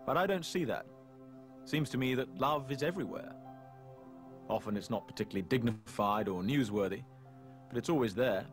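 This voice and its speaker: An actor playing a thoughtful male narrator, giving a calm film voice-over about love. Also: medium pitch, moderate pace, long pauses, music in the background, lightly acted. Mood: reflective.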